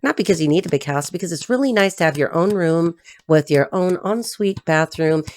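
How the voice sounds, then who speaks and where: A woman reading tarot who chats off the cuff, rambling and swearing freely, laughing often and jumping between low asides and high excited bursts. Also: fairly quick. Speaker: tarot reader and life coach. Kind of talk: casual unscripted chat to camera.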